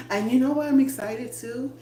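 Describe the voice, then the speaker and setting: A woman's voice: high voice, unhurried. A woman livestreaming from her home kitchen, chatting casually to her viewers and laughing while she cooks and moves around. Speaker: vlogger cooking on a livestream. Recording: echoey room, voice drifting off-mic, noisy.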